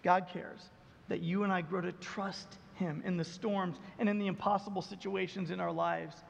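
A man's voice: sits high, level tone, moderate pace, gravelly, in a large hall, muffled recording, a little hiss or hum. A man preaching a sermon in a church, emphatic and repetitive. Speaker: pastor.

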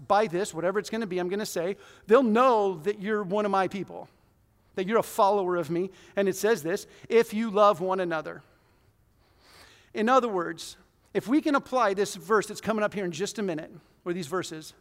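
A man in his forties preaching a conversational, self-deprecating sermon in a church hall, with sudden loud bursts. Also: high-pitched, brisk. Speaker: pastor.

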